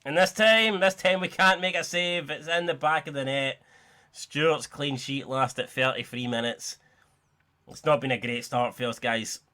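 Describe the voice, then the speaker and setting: A young man giving excitable, sweary, joking play-by-play commentary while playing a football video game. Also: medium pitch. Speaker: gaming YouTuber.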